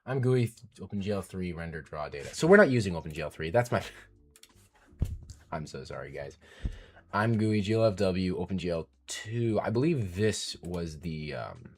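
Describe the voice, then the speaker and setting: Low-voiced man muttering through code. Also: lively intonation, a little slow, darkish tone, a little hiss or hum. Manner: mutters code aloud, self-deprecating, easily frustrated. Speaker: programmer live-streaming coding. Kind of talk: casual think-aloud coding commentary.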